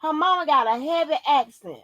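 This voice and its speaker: A woman giving casual commentary on her vlog, animated and profane, often breaking into laughter. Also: high-pitched, fairly quick, dry recording, lo-fi sound. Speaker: YouTube commentator.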